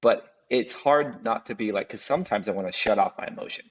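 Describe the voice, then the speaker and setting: A man with a lowish voice talks a little fast on a rough recording. He runs a custom home building business and chats casually in a reflective mood, often restarting sentences and acting out his clients' voices.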